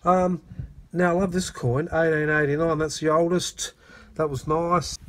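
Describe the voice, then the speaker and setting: An Australian man with a somewhat high voice talks to his phone camera outdoors. His chat is excitable and blokey, full of "righto" and "mate". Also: unhurried. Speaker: metal detecting channel host. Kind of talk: casual outdoor vlog chat. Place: outdoors at a dig site.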